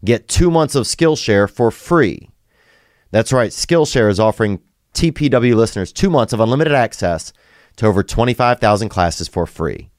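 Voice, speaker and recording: A man's voice: lowish voice, lively intonation, normal speed, no room sound, studio quality. A man with a Southern US accent hosting a podcast, reading an ad with loose ad-libs and chatting casually. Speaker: podcast host. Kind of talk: casual chat and read ad.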